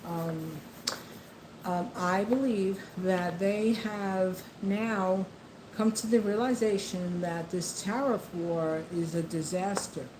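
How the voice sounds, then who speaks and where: A woman's voice: medium pitch, fairly even intonation, takes it slowly, background noise. Impassioned woman ranting in an echoey room. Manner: impassioned, repetitive, addresses the president directly. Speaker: vlogger. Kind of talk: political commentary monologue. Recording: echoey room with faint ambience.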